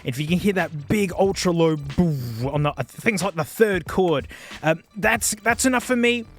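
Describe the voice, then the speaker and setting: A man's voice: sits high, moderate pace, a little hiss or hum. A man with an Australian accent giving a casual, slangy headphone review. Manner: chatty, slangy, excitable. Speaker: tech reviewer.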